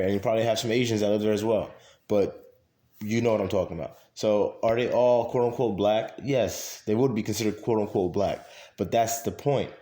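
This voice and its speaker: A man's voice: lowish voice, mellow. A man in a casual monologue to camera, talking emphatically with many fillers and repeating his points. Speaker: vlogger. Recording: echoey room.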